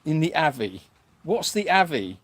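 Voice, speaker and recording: A man's voice: fairly high pitch, big pitch swings, moderate pace, fairly bright tone, husky, dry recording. A man hosting a sanctuary livestream, reading viewer comments aloud in a hesitant, self-mocking way with lots of fillers. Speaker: animal sanctuary host.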